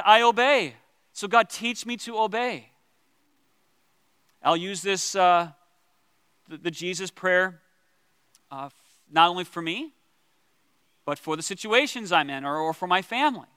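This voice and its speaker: A man teaching as a pastor about prayer, earnest and gentle, with pauses and restarts. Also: high voice, clear, resonant tone, dry recording, big-room sound.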